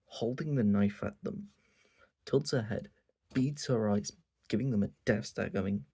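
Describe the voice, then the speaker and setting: A man hosting his own channel, giving an animated, profane recap of a manga and acting out quotes as he goes. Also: lowish voice, unhurried, gravelly, husky. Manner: animated, swears a lot, acts out quotes. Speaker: channel host.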